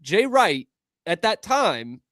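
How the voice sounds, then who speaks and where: This chatty man co-hosts a sports talk show, loose and conversational with plenty of filler words. His voice sits slightly high for a man, and the sound is dry and close, with no room in it. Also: big pitch swings, takes it slowly, a bit bright, dry recording. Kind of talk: casual sports radio chat.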